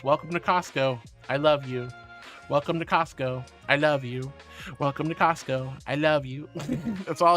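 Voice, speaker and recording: A woman's voice: low voice, fairly bright tone. A woman streaming live, reading her chat aloud and answering in a gushing, affectionate way with sweet pet names and playful noises. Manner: playful, meows and rawrs. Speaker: VTuber streamer.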